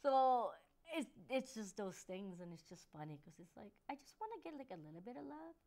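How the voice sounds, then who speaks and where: A woman's voice: fairly high pitch, big pitch swings, brisk, darkish tone. A woman co-hosting a podcast, chatting casually and telling stories with lots of laughter, acting out the voices of her dog and husband. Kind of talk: casual chat.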